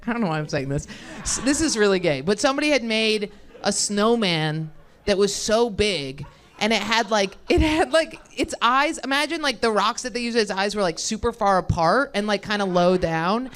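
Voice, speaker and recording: A young woman working a stand-up set. She rambles, mocks herself and chats with the audience as she goes. Her voice sits at a middle pitch. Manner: rambling, self-deprecating, chatty with crowd. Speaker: stand-up comedian.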